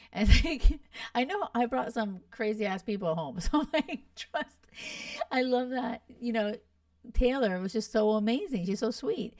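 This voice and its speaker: A woman's voice: medium pitch, darkish tone, dry recording, studio quality, distant mic. A young woman hosting a podcast, chatting casually and gushing about a reality show, full of "like" and "you guys.". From Miami. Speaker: podcast host. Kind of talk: casual chat.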